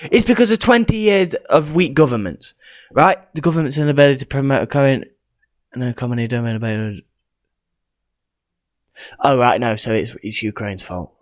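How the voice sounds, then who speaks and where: A young man from England, rambling through casual vlog commentary and reading haltingly off his screen. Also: mid-range voice, dry recording. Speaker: YouTuber.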